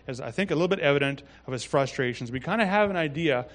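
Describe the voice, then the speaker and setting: A pastor preaching a sermon in a relaxed, conversational way, reading scripture and adding asides. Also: male voice, a little high, quick pace. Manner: conversational, with frequent restarts and asides.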